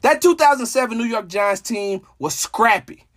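A man hosting a solo sports show, talking in a dramatic, emotional way that jumps between hushed asides and shouting. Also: very high-pitched, lively intonation, moderate pace. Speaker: sports podcast host. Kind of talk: animated solo sports commentary.

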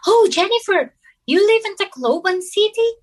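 Woman playing an eager female roommate, pitched well above her own voice. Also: expressive, moderate pace. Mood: excited. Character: excited young female roommate.

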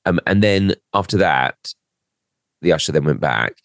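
A man's voice: very deep voice, expressive, unhurried, gravelly, fairly bright tone, no room sound, clean studio sound. A man co-hosting a comedy podcast, telling a rambling, self-mocking story in casual chat. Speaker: podcast co-host.

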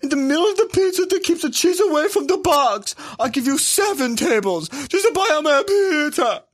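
A man playing a shifty male pizza tycoon posing as a Belgian gentleman, evasive and sleazy, calling everyone boy, in an improvised comedy sketch. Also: very high voice, very animated, normal speed, no echo, full character voice. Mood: shrill, pushy. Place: studio.

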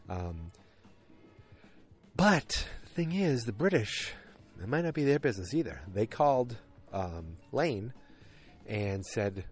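A man's voice: on the low side, expressive, a little slow, darkish tone, faint music behind. A man hosting a podcast, rambling casually with lots of fillers and restarts. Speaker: podcast host recapping a TV show. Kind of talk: casual chat.

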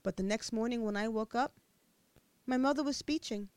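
A woman narrating a first-person memoir as an expressive audiobook reader with a childlike viewpoint. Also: on the high side, moderate pace, smooth, no room sound.

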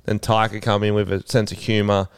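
A man co-hosting a podcast, chatting casually in an animated, joking, slangy way. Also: on the low side, brisk, clear, resonant tone, no echo, clean studio sound. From Australia. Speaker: podcast co-host. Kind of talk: casual chat.

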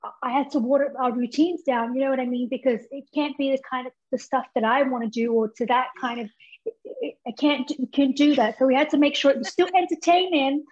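High-voiced woman guest on lo-fi audio. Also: steady tone, fast talker, a little mellow. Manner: candid, chatty, many fillers. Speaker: guest, former pro wrestler. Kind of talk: casual interview chat.

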